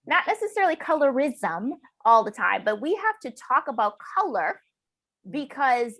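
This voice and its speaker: Animated American woman author. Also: sits high, normal speed. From United States. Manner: animated, quotes others in mocking voices, laughs often. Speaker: author guest. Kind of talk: conversational interview.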